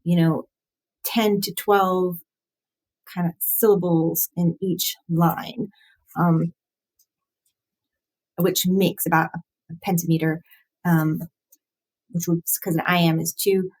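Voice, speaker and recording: A woman's voice: on the low side, steady tone, takes it slowly, long pauses, a little mellow, low-quality recording. A woman hosting a casual live-stream, analysing song lyrics while thinking aloud, with frequent fillers, restarts and light laughs at herself.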